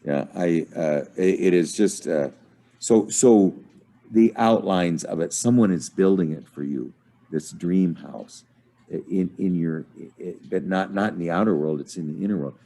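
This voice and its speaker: A man with a low, warm, mellow voice leads a small discussion group over a video call. He talks casually and haltingly, stopping and restarting his sentences and filling gaps with "uh". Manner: halting, many fillers and restarts. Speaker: study group leader.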